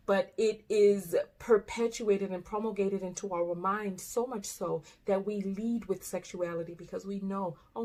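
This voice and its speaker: A middle-aged woman, a life coach, reacting to a video, animated and exclamatory at times, then soft and earnest. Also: medium pitch. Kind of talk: reaction commentary.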